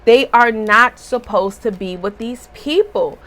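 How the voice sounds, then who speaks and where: Blunt, slow-talking woman spiritual reader. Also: fairly high pitch, fairly bright tone. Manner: blunt, emphatic, scolding. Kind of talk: casual spiritual monologue.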